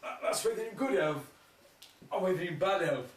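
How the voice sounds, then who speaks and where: A man voicing a calm, reasoning old talking cat. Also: sits high, a little fast, recorded from a distance. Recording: roomy hall, mic from afar, faint noise.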